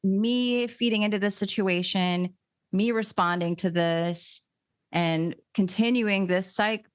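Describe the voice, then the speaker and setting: A woman's voice: mid-range voice, steady tone, slow pace, clean tone, no echo, studio quality. A woman hosting a podcast in casual chat, chatty and laughing easily. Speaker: podcast host.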